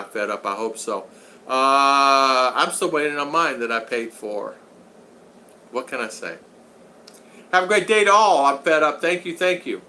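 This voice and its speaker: An older man chats on his livestream, answering viewers in a loose, rambling and folksy manner with plenty of jokes. His voice sits a bit high for a man and has a bright, forceful edge. A faint hum of room sound runs underneath. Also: rough recording. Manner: rambling and folksy, joking, repeats phrases. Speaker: channel host. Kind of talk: casual livestream chat reading viewer comments.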